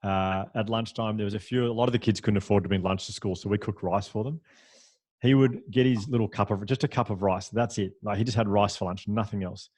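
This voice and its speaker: A man, a podcast guest, telling a story in a lively, anecdotal way, with frequent restarts and fillers. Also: on the low side, a little fast, no echo. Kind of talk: storytelling in a conversational interview.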